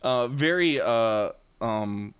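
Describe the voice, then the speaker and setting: A man's voice: mid-range voice, expressive, slow pace, smooth. A man hosting a casual podcast about tabletop games, joking and laughing often with his co-host. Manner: laughs often, jokey and teasing. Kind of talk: casual chat.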